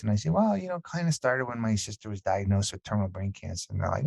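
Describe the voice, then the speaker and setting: A man's voice: lowish voice, fast talker, gravelly, few pauses, no room sound. A man telling a story in a casual podcast conversation, acting out what people said. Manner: animated storyteller, acts out quotes. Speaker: podcast guest.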